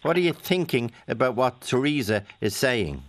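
A man's voice: mid-range voice, lively intonation, moderate pace, dry recording. An Irish man hosting a radio phone-in, teasing and quizzing his callers. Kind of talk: lively phone-in chat.

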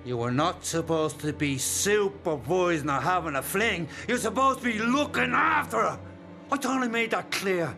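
An actor playing King, a domineering, menacing man who gives orders and shouts at times, in a radio drama. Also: high-pitched, animated, moderate pace, faint music behind, full character voice. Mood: angry, threatening. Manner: commanding, threatening, shouts at times.

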